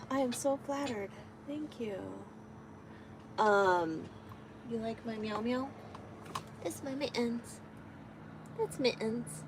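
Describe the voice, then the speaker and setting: A woman's voice: on the high side, very animated, very slow, long pauses, fairly bright tone, a little hiss or hum, rough recording. A woman truck driver chatting casually on a live stream from her truck cab, rambling with lots of ums.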